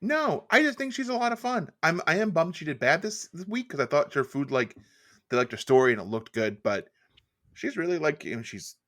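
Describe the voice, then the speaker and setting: Young guy cohosting a podcast, lively up and down voice, joking around. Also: fairly high pitch, brisk. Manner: jokey, animated, slips into put-on British voices. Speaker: podcast co-host. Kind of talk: casual chat.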